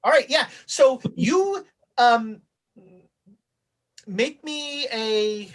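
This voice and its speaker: A woman's voice: high-pitched, animated, very slow, poor audio. A woman narrating as game master in a loose, chatty way with many fillers.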